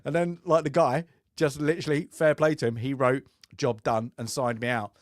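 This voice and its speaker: A man's voice: medium pitch, steady tone, moderate pace, no room sound, clean studio sound. Chatty man telling a service story. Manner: chatty storyteller who laughs often and acts out quoted voices. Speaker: co-host of a film review podcast. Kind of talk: casual chat, telling an anecdote.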